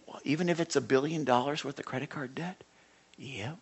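A man preaching a conversational sermon. He uses a folksy style, checks in with his listeners, and swings between loud bursts and quiet asides. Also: fairly high pitch, normal speed, breathy edge. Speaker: pastor.

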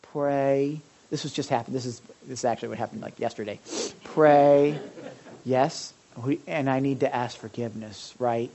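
A middle-aged male pastor preaching to a congregation, animated, acting out little scenes with sudden loud outbursts. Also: medium pitch, normal speed, gravelly, slight background noise. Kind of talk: sermon talk with audience sharing.

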